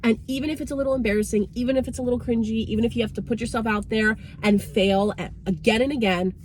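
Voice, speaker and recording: A woman's voice: fairly high pitch, steady tone, fast, a little mellow, slight background noise. A young woman talking casually and frankly to her viewers as a vlogger, with lots of "like" and "right?". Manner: chatty, frank, repeats "like" and "right?". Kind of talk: casual motivational talk to camera.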